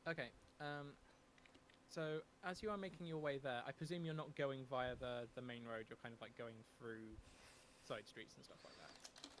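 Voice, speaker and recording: A man runs a tabletop role-playing session, pausing often with ums and restarting his sentences. His pitch sits in a middle range, and a faint hum sits under the recording. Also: fairly even intonation. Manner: hesitant, many ums and restarts. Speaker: game master. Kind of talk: narrating a tabletop game.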